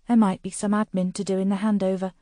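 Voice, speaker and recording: A woman's voice: medium pitch, level tone, fast, dark tone, dry recording, clean studio sound, close to an everyday voice. A woman voicing an uptight British bookshop owner who speaks in a clipped, cutting, dryly sarcastic way. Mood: cool, cutting.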